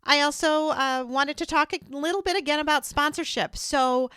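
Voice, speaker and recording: A woman's voice: sits high, moderate pace, fairly bright tone, dry recording, studio quality. A middle-aged woman hosting an interview podcast, chatty and upbeat as she talks with guests. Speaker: podcast host.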